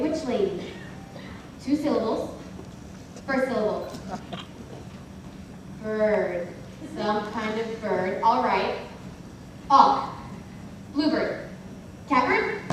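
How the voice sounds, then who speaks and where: A young woman playing a playful, quick-witted court jester in a school stage musical, heard from far off in an echoey hall. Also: on the high side, noisy background. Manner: guessing and teasing, later singing.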